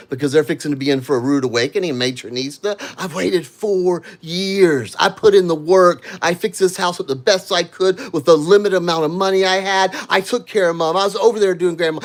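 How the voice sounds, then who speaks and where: High-voiced man ranting angrily. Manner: agitated, swearing, addressing a critic directly. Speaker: vlogger. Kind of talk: angry livestream rant.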